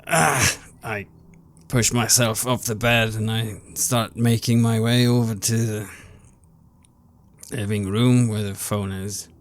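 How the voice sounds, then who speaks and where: A man voicing an older grandfather who speaks haltingly and stammers. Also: on the low side, fairly even intonation. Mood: groggy. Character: older grandfather, gruff worn-out father.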